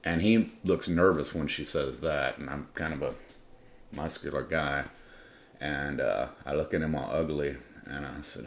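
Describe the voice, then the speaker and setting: Very deep-voiced blunt man. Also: steady tone, normal speed, slight background noise. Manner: blunt, crude and defiant. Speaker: podcast host. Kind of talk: profane first-person storytelling. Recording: roomy room with faint ambience.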